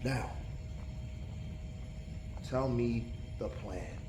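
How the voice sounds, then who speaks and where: A man playing a brutal American soldier interrogating a prisoner, mocking and menacing, breaking into shouts. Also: medium pitch, extremely slow. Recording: roomy echo, faint background hiss.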